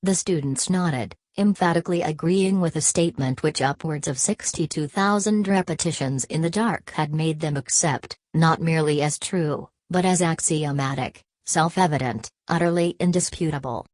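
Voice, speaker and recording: A woman narrating a novel as an audiobook in a measured, even reading. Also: deep voice, no echo. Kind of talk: scripted narration.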